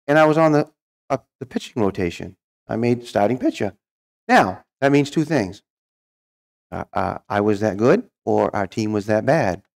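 A man's voice: medium pitch, vocal fry. A middle-aged man telling his life story as a guest speaker, folksy and humorous, acting out the voices of people he quotes. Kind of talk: storytelling testimony.

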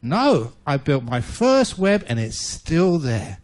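A man's voice: a little high, very animated, slow. A man doing a big, cheerful, kindly spider. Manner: cheerful and generous. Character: big, fat, happy, kindly male spider.

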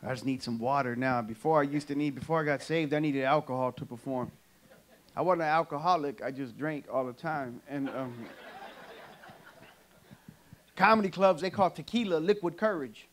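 A man from California performing an animated stand-up comedy set for a church audience. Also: a little high, normal speed, slight background noise. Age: adult. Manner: animated storytelling punchlines. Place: church sanctuary, live audience.

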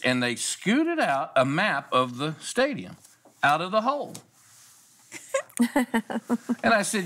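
Middle-aged guy pastor telling a story, bright voice, swings up high a lot, does little voices for people. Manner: animated storyteller, acts out quoted voices. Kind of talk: storytelling in a casual talk show.

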